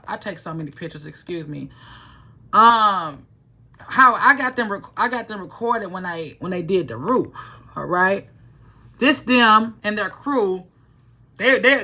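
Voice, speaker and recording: A vlogger tells a personal story to the camera in a rambling, heated, profane way, in a casual storytelling vlog. Her voice is on the high side, pushed and bright.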